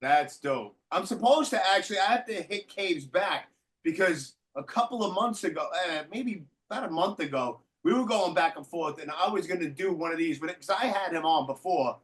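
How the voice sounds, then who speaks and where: Speaking at normal speed with a voice on the high side, a podcast host shares stories in casual chat. His storytelling is animated, and he swears a lot.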